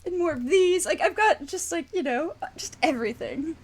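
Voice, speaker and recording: A young woman streamer chats casually and emotionally with her viewers in an extremely high, lively voice at normal speed. She's teary and fighting back tears yet laughs often, rambling and restarting again and again.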